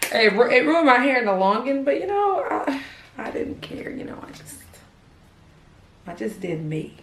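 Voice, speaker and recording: A woman's voice: on the high side, sing-song, moderate pace, slight background noise. A young woman vlogger reacting to her old videos, giggly and teasing herself in casual commentary. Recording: echoey room with faint music.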